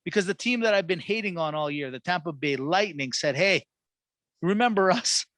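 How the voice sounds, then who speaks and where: A man co-hosting a sports podcast in casual chat, animated and hyped, acting out quotes as he talks. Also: high voice, moderate pace, no room sound. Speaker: podcast co-host.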